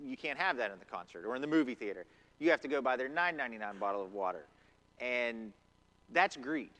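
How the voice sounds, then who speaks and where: A man's voice: medium pitch, bright, forceful tone. A man preaching a conversational sermon in a church, acting out quotes as he goes. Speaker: pastor. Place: church sanctuary.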